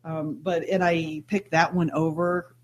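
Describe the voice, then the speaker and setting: A woman's voice: low-pitched, little pitch movement, a little slow. A woman co-hosting a casual podcast chat, wry and chatty, laughing often. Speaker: podcast co-host.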